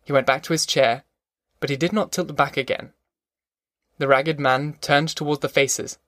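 A man reading a novel aloud as an audiobook narrator, in measured, even storytelling. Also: on the high side, no room sound, studio quality. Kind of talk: scripted narration.

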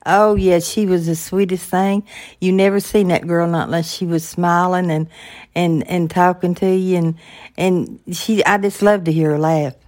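An older woman talks casually as a podcast co-host. She speaks in a warm, folksy, agreeable way, and her voice sits a little low for a woman. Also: fairly even intonation, normal speed. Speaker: podcast co-host, the host's mother. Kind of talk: casual faith-based podcast chat.

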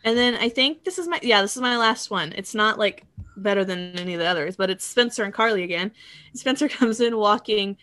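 A woman's voice: mid-range voice, a bit bright, dry recording. A woman in casual chat who reads out funny quotes from a TV show and laughs often. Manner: laughs often, reads lines in quick bursts.

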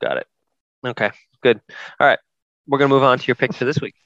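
A man hosting a casual sports podcast, brisk and steering the talk. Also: medium pitch, sing-song, a bit bright, no room sound, muffled recording. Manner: brisk, steers the show, laughs often. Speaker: podcast host. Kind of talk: casual chat.

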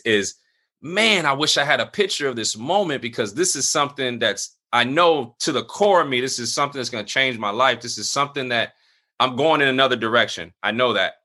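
A middle-aged man, a pastor, telling a personal story in casual conversation, full of fillers and acting out other people's lines in a raised voice. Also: moderate pace. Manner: animated, acts out quoted voices at higher pitch.

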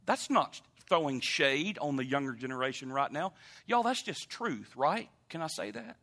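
A man preaching a sermon, emphatic and animated, speaking straight to the congregation. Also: a little high, moderate pace, vocal fry. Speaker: pastor.

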